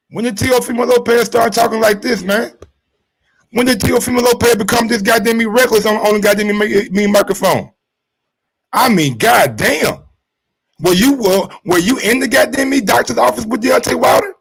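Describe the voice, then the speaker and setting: A male host riffing on a sports show in a loose, casual way. His voice sits high for a man. He gets worked up, swears freely and stumbles over repeated words as he keeps talking. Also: normal speed, gravelly, a bit bright, breathy edge, poor audio. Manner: fired up, profane, repeats words when worked up.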